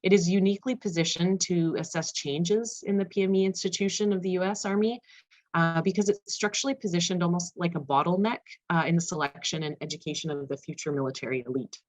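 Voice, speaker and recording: A woman panelist giving an academic research presentation, talking fast with frequent fillers. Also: fairly low pitch, fairly even intonation. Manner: fast-paced, self-aware of speed, frequent fillers. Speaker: conference panelist.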